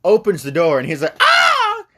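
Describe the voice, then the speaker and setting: A man's voice: on the high side, sing-song, measured pace. A man hosting a podcast from a studio and reviewing a movie in a rambling, casual way, with forgetful, self-mocking asides.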